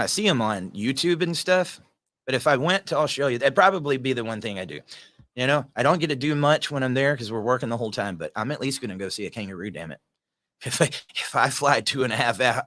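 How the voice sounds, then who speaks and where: This podcast host has a mid-range, somewhat bright voice and a Southern American accent. Alone at the mic, he talks casually and earnestly, repeating words often, with no room sound in the recording.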